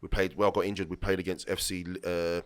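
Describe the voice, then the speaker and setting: The voice is a man's, low-pitched, flat and fast. He's a late-thirties former footballer on a podcast, casually telling meandering stories full of restarts and acted-out quoted dialogue.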